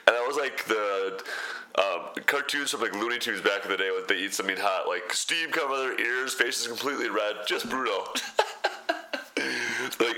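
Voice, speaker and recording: Young male food vlogger with a bright, forceful tone and a fairly low voice, loose and chatty, laughs a lot. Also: fairly quick. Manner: laid-back, chatty, laughs often. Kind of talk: casual food vlog narration.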